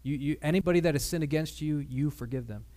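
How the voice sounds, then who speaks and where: Pria berkhotbah dengan sungguh-sungguh. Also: male voice, a little high, mellow. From Michigan. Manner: earnest, measured, with many pauses and fillers. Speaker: preacher. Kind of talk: sermon with personal testimony.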